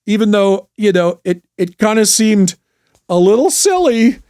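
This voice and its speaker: A middle-aged man, a therapist and podcast host, talking through trauma healing in a slow, gentle, thoughtful way with frequent restarts. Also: sits high, animated, clean tone, no room sound, clean studio sound. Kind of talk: reflective solo talk on trauma healing.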